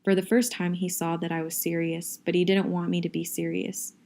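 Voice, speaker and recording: Woman with a gravelly, low voice reading a novel. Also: little pitch movement, fairly quick, a little mellow. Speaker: reader.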